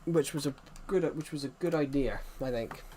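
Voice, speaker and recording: A man's voice: mid-range voice, normal speed, warm tone, slight background noise. A British man streaming live, chatting casually in an opinionated, rambling way with many restarts. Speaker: livestreamer. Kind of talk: casual livestream chat.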